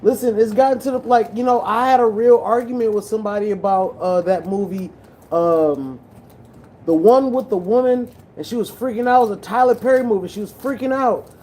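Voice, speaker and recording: A man's voice: high-pitched, fairly quick, mellow, slight background noise, rough recording. Young male vlogger, rambling and profane, talks casually while he edits. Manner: loose, profane, rambling storytelling with restarts. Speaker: movie vlogger.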